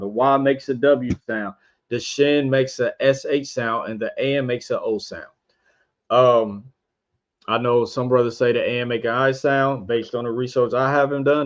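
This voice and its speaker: A man hosting a podcast, giving an informal religious lesson while sharing his screen. He spells out letters one by one and keeps asking his listeners rhetorical questions. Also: medium pitch. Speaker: podcast host teaching scripture. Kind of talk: informal religious teaching over a screen share. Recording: dull lo-fi stream audio.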